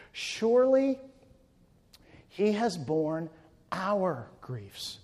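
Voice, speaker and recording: A male pastor preaching a sermon, swinging between forceful emphatic peaks and quiet hushed passages. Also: a little high, husky. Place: church sanctuary. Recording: long church reverb.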